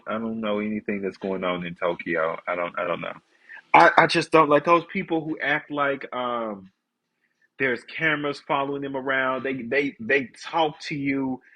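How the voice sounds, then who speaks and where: Husky congested man ranting. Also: mid-range voice, a bit bright, low-quality recording. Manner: candid, ranting, talks straight to viewers. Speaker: live-stream host. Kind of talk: casual live-stream chat.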